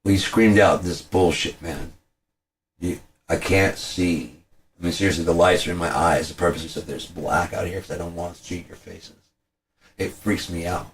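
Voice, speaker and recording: A man with a low voice gives a rambling spoken commentary. He swears freely and slips into the voices of the people he quotes. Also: steady tone, normal speed. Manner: profane, heated, acts out quoted speakers. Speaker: vlogger.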